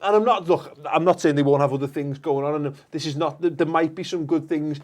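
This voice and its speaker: A man's voice: fairly high pitch, a little fast, darkish tone. A man in casual panel banter who rants, swears and stumbles over his words.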